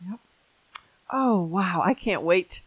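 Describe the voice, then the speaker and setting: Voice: mid-range voice, expressive, takes it slowly, breathy edge, no room sound, muffled recording. An interview host chatting casually, laughing and telling a family story. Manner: chatty, laughing, mimics others.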